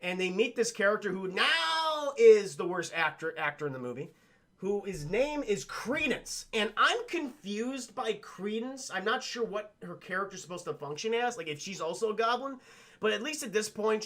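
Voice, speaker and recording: High, bright-voiced man ranting to chat. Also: big pitch swings, moderate pace. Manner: rambling, profanity-laced, talks to chat. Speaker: streamer film reviewer. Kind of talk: live-streamed film review chat.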